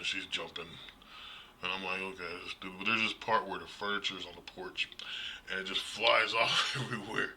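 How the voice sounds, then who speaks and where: A man giving a casual, rambling horror movie review, blunt and quick to laugh, with plenty of fillers. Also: low-pitched, sharp tone, a little hiss or hum, low-quality recording.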